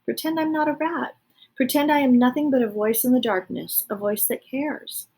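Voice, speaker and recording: Brief: woman reading as a sly, whispery storybook rat, breathy and soft. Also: sits high, normal speed, voice pushed up. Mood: wheedling. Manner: hushed, breathy, wheedling. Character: soft-spoken male rat longing for light.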